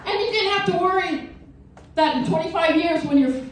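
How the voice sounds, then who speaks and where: A woman's voice: very high voice, normal speed, noisy background. A middle-aged woman from Wisconsin doing a stand-up comedy set, telling stories with mocking voices, in a venue with a live audience. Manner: animated storytelling with mocking voices. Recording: roomy, distant mic, audience laughter.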